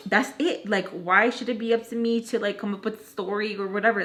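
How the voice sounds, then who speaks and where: A woman's voice: medium pitch, normal speed, a bit bright. Chatty young woman telling a story. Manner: chatty, slangy, heavy use of "like". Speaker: vlogger. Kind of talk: storytime vlog.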